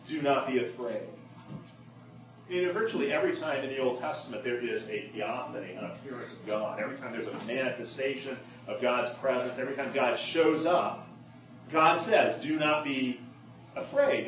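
Emphatic preacher in an echoey room. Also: male voice, mid-range voice, a bit bright. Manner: emphatic, slows down to stress key phrases. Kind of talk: sermon. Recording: echoey room, mic at a distance.

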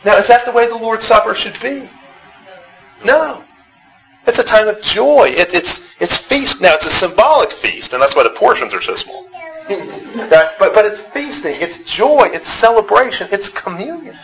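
With a high, slightly bright voice and lively intonation, a man talks at normal speed over a rough recording. He teaches an interactive Bible class conversationally, asking the group questions and often restarting with repeated words.

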